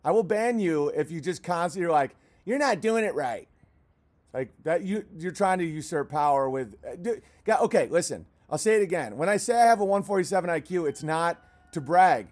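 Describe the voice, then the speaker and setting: A man with a high-pitched voice hosts a livestream in a loose, rambling rant. He swears freely and jumps from point to point, and he breaks off now and then to shout at barking dogs. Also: lively intonation, fairly quick, few pauses. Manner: rambling, profane, cuts off to yell at barking dogs. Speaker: livestream host.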